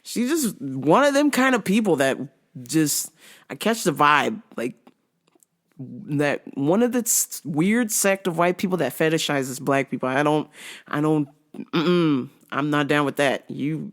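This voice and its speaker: A woman's voice: low voice, expressive, measured pace. Blunt, laughing woman storyteller. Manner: blunt, profane, laughs often. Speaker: podcast host telling work stories. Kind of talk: casual storytelling rant.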